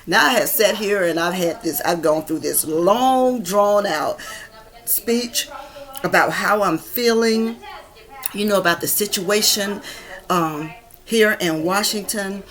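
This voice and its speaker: A woman's voice: mid-range voice, a bit bright. Woman, 50s, Georgia Southern accent, emphatic, impassioned, repeats herself for emphasis, vlog rant from a room at home. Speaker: vlogger. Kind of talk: venting monologue.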